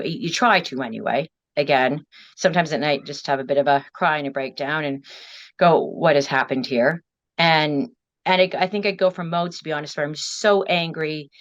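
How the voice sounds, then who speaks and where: A woman telling an emotional personal story as an interview guest, rambling and circling back on herself as she talks. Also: low voice. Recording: dull lo-fi audio.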